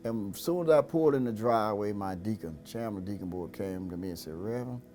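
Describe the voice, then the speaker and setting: An older man, a pastor, giving a halting personal testimony that rises and falls sharply, with repeated words. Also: on the low side, mellow, soft background music.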